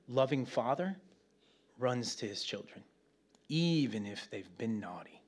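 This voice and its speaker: A man preaching a conversational Bible teaching, animated and chatty, with joking asides to the room. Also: mid-range voice.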